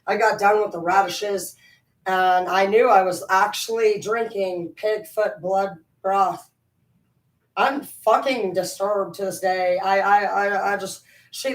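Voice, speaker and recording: A woman vlogger telling a story in casual, animated, profane chat. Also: mid-range voice, slow, echoey room, far from the mic, poor audio. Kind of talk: casual rambling chat while cleaning.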